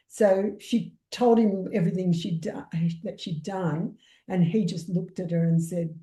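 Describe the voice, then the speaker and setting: A woman from Australia with a mellow, warm tone, telling stories in a lively way and acting out each quote. Her voice rings out in an echoey room. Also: on the low side, a little slow. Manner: animated storyteller who acts out quotes. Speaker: energy healer, guest. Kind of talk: casual conversation.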